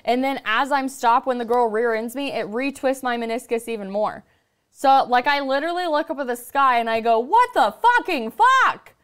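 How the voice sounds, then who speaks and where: A woman hosting a podcast, telling stories in casual, profane, animated chat. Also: a little high, fairly quick, clear, resonant tone. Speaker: podcast host.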